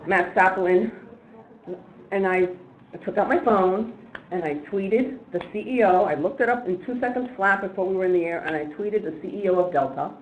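A woman giving a storytelling talk at a training event, animated and laughing as she acts out other people's lines. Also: mid-range voice, phone-quality sound, a little hiss or hum. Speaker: speaker at a disability training. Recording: echoey room with faint ambience.

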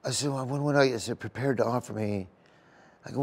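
A man's voice: medium pitch, quick pace, breathy edge. A middle-aged man, a comedian, telling stories in an interview in an emotional, rambling way with many restarts. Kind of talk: sit-down interview storytelling. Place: golf tournament venue.

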